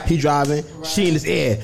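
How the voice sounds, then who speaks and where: A man's voice: on the high side, unhurried, creaky, over loud music. A man co-hosting a podcast, telling a story in casual chat and asking "feel me?" again and again. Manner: animated storytelling, repeats "feel me?". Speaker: podcast co-host. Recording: background noise.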